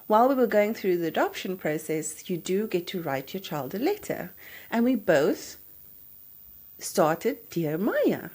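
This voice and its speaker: A woman, hosting a podcast and telling a personal story in an animated, emotional way. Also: medium pitch, a little slow, slightly rough. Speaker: podcast host.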